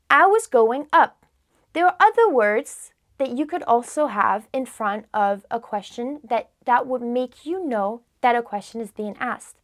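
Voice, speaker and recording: Slow, patient woman language teacher. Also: fairly high pitch, lively intonation. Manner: patient, models phrases slowly and then translates. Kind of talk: slow, clear teaching with repetition.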